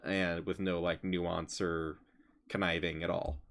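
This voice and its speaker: A man's voice: deep voice, level tone, measured pace, a bit bright. A man narrating as game master in casual chat, with many fillers.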